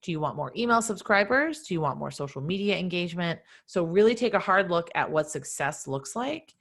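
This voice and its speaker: A middle-aged woman answering questions in live online office hours, direct and energetic like a coach. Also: lowish voice, brisk. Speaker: nonprofit fundraising consultant.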